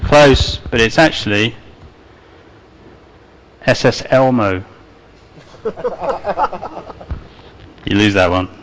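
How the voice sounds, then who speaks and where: A man's voice: mid-range voice, a bit bright, low-quality recording. Chatty man giving a conference talk. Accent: non-native English accent. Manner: conversational, many fillers and restarts. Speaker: conference speaker. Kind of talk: conference talk to a live audience.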